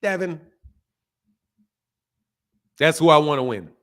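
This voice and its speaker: A high-pitched man hosting a boxing talk show, ranting in a loose, heated way. He repeats himself, swears freely and jabs at his viewers with blunt scorn. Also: expressive, slow, a bit bright. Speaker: boxing channel host. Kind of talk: heated casual boxing commentary.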